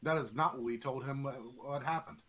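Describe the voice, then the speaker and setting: A man's voice: medium pitch, fairly quick, fairly bright tone. A man playing a tabletop game, brash and taunting in character. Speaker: player.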